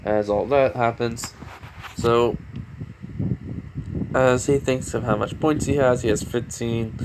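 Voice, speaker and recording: A man casually narrating a fan story, rambling and filling with "basically" and restarts. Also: lowish voice. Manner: rambling, full of fillers and restarts. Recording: air conditioner hum behind. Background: air conditioning.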